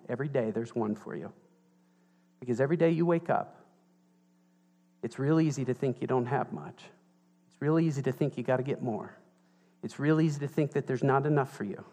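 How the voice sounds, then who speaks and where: A male preacher giving an animated, playful sermon and retelling a story with emphasis. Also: medium pitch, big-room sound.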